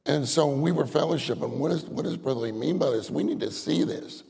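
A man's voice: a little high, brisk, gravelly, big-room sound, slight background noise. An older man preaching a conversational sermon, acting out short prayers as he talks. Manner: animated, conversational, acts out prayers.

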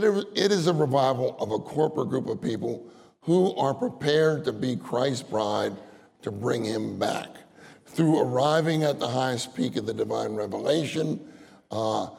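A man's voice: mid-range voice, gravelly, long reverb tail. An older man preaching a conversational sermon, acting out short prayers as he talks. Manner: animated, conversational, acts out prayers.

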